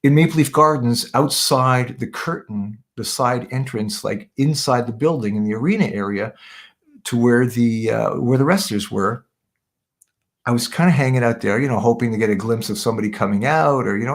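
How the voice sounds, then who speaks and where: A man from Canada with a gravelly, creaky voice at an ordinary male pitch. He talks casually as an interview guest, circling back, correcting himself and dropping in "yeah, yeah". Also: moderate pace. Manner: rambling, self-correcting, repeats "yeah, yeah".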